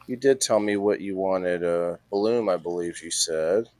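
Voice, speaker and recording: A man's voice: sits low, normal speed, a little mellow, no echo, faint music behind. A man hosting a casual livestream, talking in a laid-back, dryly teasing way. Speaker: livestream host. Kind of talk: casual chat.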